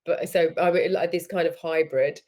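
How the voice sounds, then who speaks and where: A woman's voice: deep voice, fairly even intonation, moderate pace, darkish tone. A woman from Australia speaks with an accent that sits between Australian and English. She chats easily and laughs often, talking as a guest over a video call. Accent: Australian-British hybrid. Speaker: actor and guest. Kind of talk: casual chat.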